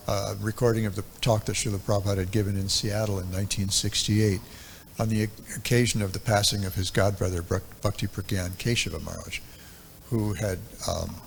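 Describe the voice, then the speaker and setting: A low-voiced man in his seventies gives a devotional lecture, recalling old memories in an unhurried, reflective way. His voice has a gravelly texture, and his talk is full of ums and uhs. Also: slight background noise. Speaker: temple speaker.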